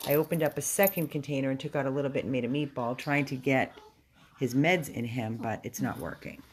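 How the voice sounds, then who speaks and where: Very low-voiced woman rescue volunteer. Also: fairly even intonation, a little hiss or hum. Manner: emotional, halting, with restarts. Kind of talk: casual video update. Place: rescue house, indoors.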